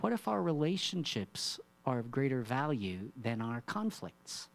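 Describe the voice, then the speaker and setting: In a gravelly, very animated voice at a measured pace, a man preaches a conversational sermon as pastor. He alternates hushed low remarks with loud, emphatic high points and leans on rhetorical questions and teasing asides.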